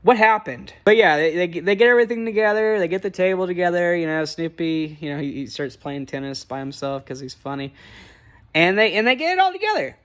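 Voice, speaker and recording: A man's voice: high-pitched, animated, brisk, fairly bright tone. Rambling, cursing man recapping a movie. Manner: rambling, profane, lots of fillers and restarts. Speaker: movie reviewer.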